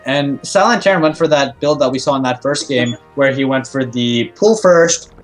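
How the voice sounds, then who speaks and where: A man's voice: medium pitch, normal speed, soft background music. Laid-back man co-casting a game. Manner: laid-back, laughs easily, plays along. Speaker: esports co-commentator. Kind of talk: casual live-stream game commentary.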